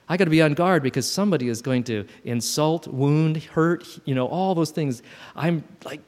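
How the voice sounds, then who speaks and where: In a long, reverberant hall, a man in his fifties reflects on his own life in a talk to a gathering. His voice is fairly high and a touch mellow, his pace moderate, and he keeps starting his sentences over.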